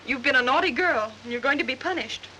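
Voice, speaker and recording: Refined worried young mom, bit high and bright, old-movie polish. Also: female voice, animated, fast talker, a little hiss or hum, low-quality recording. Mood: upset. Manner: refined, distressed. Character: genteel anxious young mother. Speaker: mother. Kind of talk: 1930s film acting.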